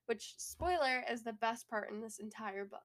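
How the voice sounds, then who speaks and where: A woman's voice: a little high, moderate pace. Giggly young woman chatting about books. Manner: giggly, animated. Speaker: podcast co-host. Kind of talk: casual book discussion.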